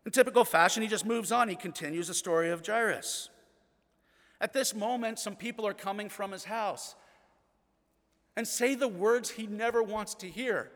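A man's voice: high-pitched, moderate pace. Earnest preacher man, hall reverb. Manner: earnest storytelling, drops to hushed tones. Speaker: pastor. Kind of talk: sermon.

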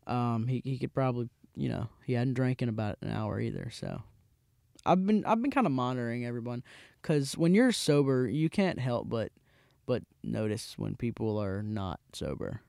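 A podcast host in his twenties tells a casual, rambling story, restarting often and doing animated voices for its characters. His mid-range voice carries vocal fry at a moderate pace, captured in a dry, clean studio recording.

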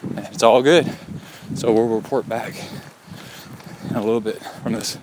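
A middle-aged man with a mid-range voice tells a loose, rambling story and keeps chuckling along the way. He is recording himself on a handheld device out on a forest trail, and steady outdoor noise runs under everything he says. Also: mid-range voice, normal speed. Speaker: podcast host. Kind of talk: casual on-the-go recording. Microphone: handheld recorder carried on a run.

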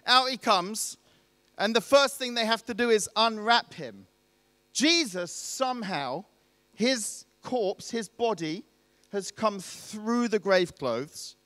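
A man with a notably high voice delivers a storytelling sermon, talking to his listeners conversationally and posing questions as he goes. The sound is close and dry, with almost no room echo. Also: a bit bright. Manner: conversational, asks rhetorical questions. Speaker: preacher.

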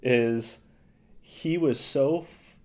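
A man's voice: mid-range voice, drawn-out words, a little mellow. A man co-hosting a podcast, talking bluntly and emphatically in casual chat. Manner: blunt, laughs often, emphatic. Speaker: podcast co-host.

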